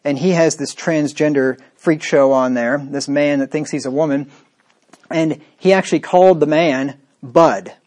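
A man's voice: a little high, moderate pace, darkish tone. A man preaching a sermon in a scornful, combative way, with frequent rhetorical asides to the listener.

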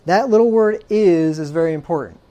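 A man's voice: sits high, brisk, warm tone. A man preaching a sermon, emphatic, checking in with frequent rhetorical questions and dropping dry, sarcastic asides.

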